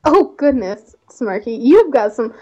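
A woman's voice: fairly high pitch, very animated, a little slow, warm tone. A young woman hosting a game livestream, chatting in a bubbly, giggly way. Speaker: livestream host. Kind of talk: casual game-stream chat. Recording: slightly muffled stream audio.

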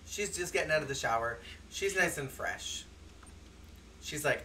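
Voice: medium pitch, lively intonation, unhurried, bright, forceful tone, a little hiss or hum. A game streamer giving joking let's-play commentary, with sudden squeals and bursts of laughter. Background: faint game music.

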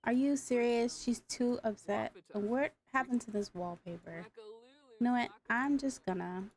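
Speaking at a measured pace in a slightly high voice, a woman who makes gaming videos on YouTube narrates casual gameplay, growing exasperated and answering back to the on-screen characters.

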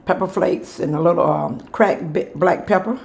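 A woman's voice: on the low side, moderate pace, vocal fry, a little mellow. A woman, showing her home-cooked meal to viewers in a homey, chatty way. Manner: homey, chatty, addresses viewers as y'all and honey. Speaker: cooking vlogger. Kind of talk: casual cooking show-and-tell.

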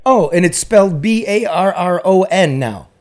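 A man's voice: high-pitched, expressive, moderate pace, darkish tone. A man hosting a casual chat show, talking bluntly and rambling, with plenty of swearing. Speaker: host.

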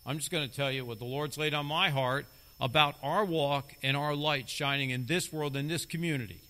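A middle-aged man delivering a church sermon with a bright, forceful voice. He leans into his points and repeats key lines to drive them home. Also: fairly high pitch, normal speed. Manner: emphatic, repeats key phrases for stress. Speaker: lay preacher.

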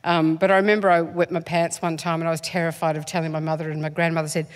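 Chatty woman, low-pitched, laughing often. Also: little pitch movement, fast, few pauses. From Australia, born in England. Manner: chatty, self-deprecating, laughs often, many ums. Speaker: author guest. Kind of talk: live stage interview.

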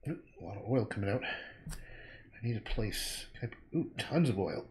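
A man's voice: fairly low pitch, expressive, measured pace, a little hiss or hum. A man painting on a livestream, thinking aloud in a rambling way, humming and murmuring to himself between sentences.

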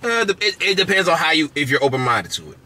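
Fast, lively young-sounding male interviewer. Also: on the high side. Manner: quick, lively host patter. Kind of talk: casual interview chat.

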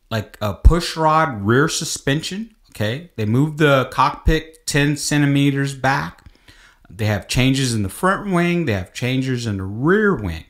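A man hosting a casual sports podcast whose pitch swings widely as he talks. He builds from easy chat into loud, exclaiming rants. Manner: animated, rising to exclaiming rants. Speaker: podcast host.

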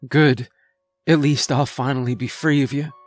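High strained voice for a sad cursed young woman, a man putting it on, faint music under it. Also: moderate pace, gravelly, no echo. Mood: defiant.

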